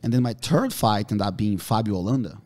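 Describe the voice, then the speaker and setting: A man, a podcast guest, telling animated stories with free swearing. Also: on the low side, a little fast. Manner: animated, swears freely, relives the moment. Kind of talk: casual storytelling.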